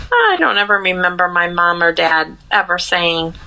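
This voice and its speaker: A woman's voice: lowish voice, very animated, a little slow, creaky, bright, forceful tone, poor audio. A middle-aged woman co-hosting a podcast, talking in an earnest, reflective way with many fillers and restarts. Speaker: podcast co-host. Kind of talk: casual podcast conversation.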